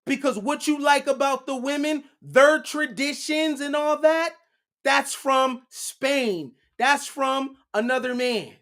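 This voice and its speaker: A livestream host with a very high-pitched, fairly bright voice preaches at his viewers. He speaks slowly and deliberately, piling up rhetorical questions and asking "right?" again and again in a casual setting.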